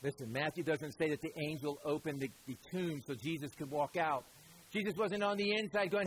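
A man's voice: on the high side, a little fast, husky, poor audio. A male preacher giving a sermon in a conversational, storytelling way, often calling his listeners "guys".

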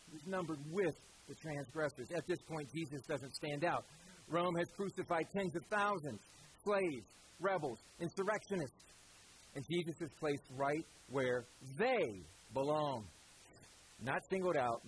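A man preaching a sermon, pausing for effect and repeating phrases for emphasis. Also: a little high, slight background noise, poor audio.

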